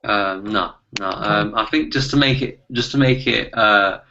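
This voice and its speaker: A man talking in a casual football fan chat, steady and repeating phrases as he thinks. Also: lowish voice, unhurried, vocal fry. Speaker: fan panelist. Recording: dull lo-fi sound.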